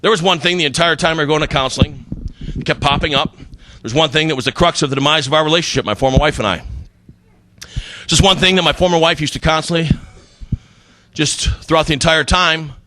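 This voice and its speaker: A man's voice: fairly high pitch, a little fast, pauses often, pushed and bright, a little hiss or hum. A middle-aged man doing a stand-up comedy routine on a club stage, telling stories with punchy delivery and acted-out quotes.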